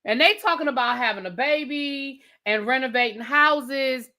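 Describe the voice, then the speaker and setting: Incredulous, bright-voiced woman ranting. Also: sits high. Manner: blunt, incredulous, rapid-fire rhetorical questions. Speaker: TV review host. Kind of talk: casual rant review.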